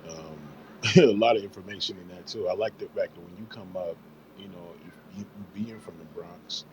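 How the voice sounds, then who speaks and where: A man with a very deep voice speaks in a laid-back, appreciative way in a casual audio chat. He sounds a bit far from the microphone. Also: moderate pace, crowd noise.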